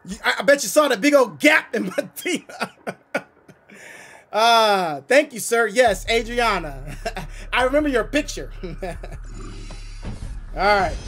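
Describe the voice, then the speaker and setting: A man streaming a mobile game live, excitably commenting, shouting and laughing at his opponent in slangy, playful talk. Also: very high-pitched, takes it slowly, long pauses.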